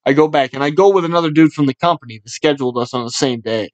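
A young man hosting a podcast, talking loud and crude with lots of swearing, jumping into quick voices for the people in his stories. His voice sits a little high for a man. The sound is close and dry. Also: no echo. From Buffalo, New York area. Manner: loud, swearing, storytelling with animated impressions. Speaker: podcast host. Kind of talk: casual podcast chat.

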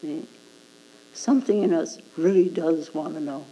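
A woman's voice: sits low, normal speed, warm tone, rough recording. A woman Zen teacher giving a dharma talk, prodding her listeners with rhetorical "hmm?" questions and chuckling at her own points.

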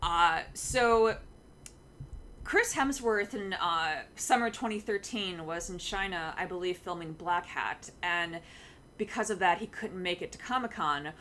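A young woman co-hosting a casual podcast, telling a fan story with lots of filler sounds and excitement. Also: on the low side, measured pace, slight background noise. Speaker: podcast co-host.

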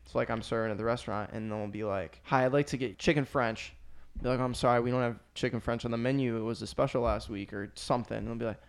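A man's voice: mid-range voice, fast talker, creaky, clear, resonant tone. A young man, a restaurant server, telling work stories in casual chat and swearing often. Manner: animated storyteller, swears often.

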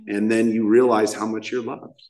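A man's voice: fairly low pitch, little pitch movement, moderate pace, a little mellow. A middle-aged man, the main speaker at a recovery meeting, telling his story in a rambling, self-deprecating way with chuckles. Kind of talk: personal recovery share, casual storytelling.

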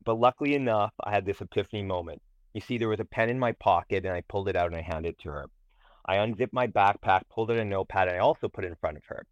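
A man, a guest on an interview show, telling a personal story in an animated, emphatic way. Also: on the low side, racing, dry recording, muffled recording. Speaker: guest, tutoring company president.

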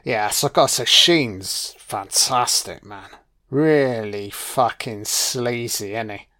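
A man's voice: mid-range voice, takes it slowly, bright, forceful tone. A man giving casual watch-along film commentary, swearing freely and talking back at the screen. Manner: profane, reactive, talks back at the screen.

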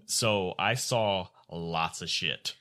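A man's voice: low-pitched, slow pace, sharp tone. A man co-hosting a podcast, telling a crude story in casual chat, swearing and laughing often. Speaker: podcast co-host.

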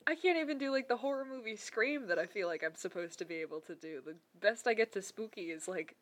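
A woman's voice: mid-range voice, expressive, fast. A woman co-hosting a folklore podcast in casual, chatty talk with frequent laughs and rambling asides. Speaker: podcast co-host.

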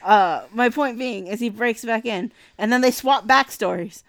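A woman's voice: a little high, moderate pace, fairly bright tone. A woman co-hosting a casual podcast, chatting wryly about a movie. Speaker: podcast co-host.

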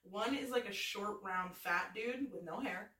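A giggly woman chatting on a podcast, joking around with her co-host. Her voice sits at an ordinary middle pitch. It sounds a little off-mic, in a roomy space that echoes. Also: a little slow, pushed and bright, recorded from a distance. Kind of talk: casual chat.

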